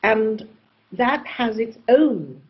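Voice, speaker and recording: A woman from England speaking in an interview, theatrical and expressive, slipping easily into other voices. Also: a little high, extremely slow, muffled recording. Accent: English. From England, born in Oxford. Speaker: actress, festival guest. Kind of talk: conversational interview.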